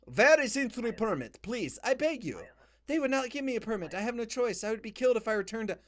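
Desperate pleading woman, voiced by a man, broken English, high voice. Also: big pitch swings, brisk.

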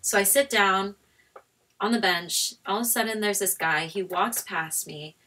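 A young woman, a guest on a casual chat show, telling an animated story and breaking into shouted quotes. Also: mid-range voice, a little slow.

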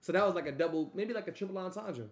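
A man giving loose, animated, profane reaction commentary, trailing off and restarting. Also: high voice, racing. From Louisiana. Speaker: music reaction host. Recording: echoey room.

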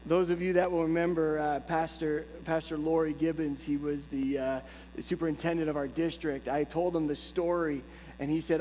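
A middle-aged man preaches from the pulpit, his voice sitting high for a man. He tells a personal story in a lively, humorous way. The sound carries a long church reverb over a faint hum. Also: moderate pace. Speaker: pastor. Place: church sanctuary.

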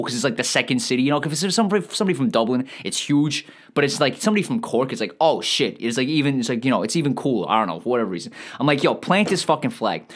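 A man tears into a film in a quick, swooping comic rant. His voice jumps high and drops low as he piles on profanity. He sounds rambling and exasperated throughout. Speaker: comedic ranting reviewer. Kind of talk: comedic movie rant.

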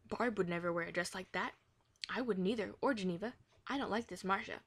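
A woman's voice: mid-range voice, brisk, slightly rough, dry recording. A woman voicing a stubborn, jealous young schoolgirl in a children's story read aloud. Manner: earnest and stubborn.

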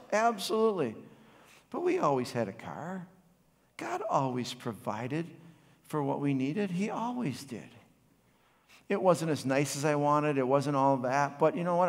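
Man, 40s, pastor, sermon, fairly high voice, long hall reverb. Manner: dynamic preaching, swinging from loud passion to quiet reflection. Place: church sanctuary.

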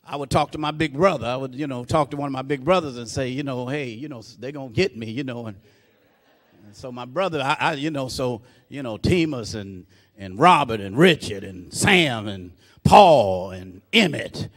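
A man preaching a sermon, often breaking in with "praise God", getting louder and slower on key lines and dropping low and soft for asides. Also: expressive, big-room sound. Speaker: pastor.

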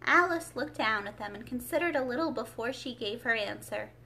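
A woman librarian reading a storybook aloud to families with clear, expressive narration. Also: a little high, a little fast, slight background noise. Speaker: children's librarian. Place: library children's room.

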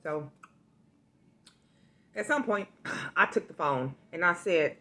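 A woman food vlogger with a fairly low voice, chatting straight to her viewers. She tells stories in an animated, familiar way, like she's catching up with friends. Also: normal speed. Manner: chatty, addresses viewers directly, animated storytelling. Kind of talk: casual eating vlog with storytime.

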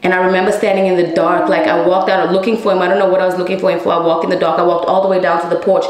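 A storyteller vlogger speaks very fast in a lowish, level voice, telling her viewers a story in a casual monologue. She's blunt, swears heavily, and calls them y'all. The room is echoey.

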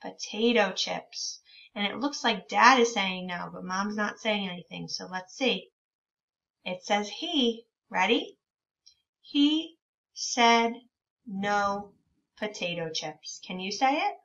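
A woman teacher leading a reading lesson for young children, encouraging them and reading words out very slowly. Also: mid-range voice, gravelly, a bit bright, far from the mic. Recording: dull lo-fi sound from a bit away from the mic.

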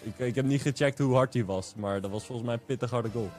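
A man's voice: medium pitch, quick pace, a little mellow, faint music behind. A man gamer casually reacting to a goal with a friend.

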